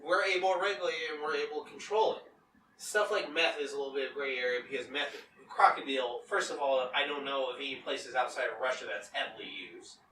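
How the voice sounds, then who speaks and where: A man's voice: medium pitch, fairly even intonation, quick pace, sharp tone, recorded from a distance. A man co-hosting a podcast, arguing his point in a casual debate, swearing and repeating himself. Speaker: podcast co-host. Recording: roomy, off-mic with faint noise.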